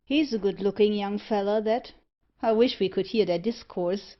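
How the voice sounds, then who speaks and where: A woman's voice: mid-range voice, moderate pace, natural voice. Lady doing a rustic forge worker, folksy, muffled-ish audio. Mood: curious. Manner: homely rustic dialect.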